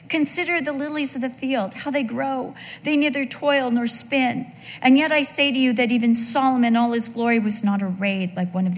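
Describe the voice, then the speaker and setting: An animated woman preacher delivering a sermon, mixing scripture with jokes. Her voice sits fairly high, and a long reverb trails each phrase as if in a large hall. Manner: animated, joking.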